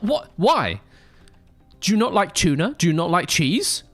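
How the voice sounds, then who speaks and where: Animated joking male game streamer. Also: on the high side, moderate pace, faint music behind. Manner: animated, joking banter, mock outrage. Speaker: streamer playing a racing management game. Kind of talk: casual live-stream chat.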